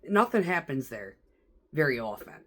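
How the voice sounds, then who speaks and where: A middle-aged woman chats through a rambling story, swearing freely and breaking into laughter. Her voice sits a little low for a woman. She talks like she's catching up with a friend. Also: sing-song, moderate pace, a bit bright. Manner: chatty, profane, laughs often. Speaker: vlogger. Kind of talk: casual storytelling vlog.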